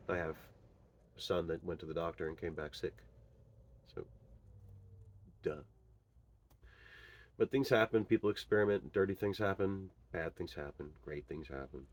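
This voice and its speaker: A middle-aged man telling a personal story as a father, halting and earnest, with many pauses and fillers. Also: deep voice, darkish tone. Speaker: father sharing his story. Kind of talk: personal monologue.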